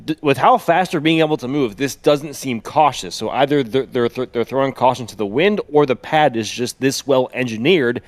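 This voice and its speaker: Male co-host, casual livestream talk, halting delivery, dry recording. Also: medium pitch, no echo. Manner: halting, restarts sentences.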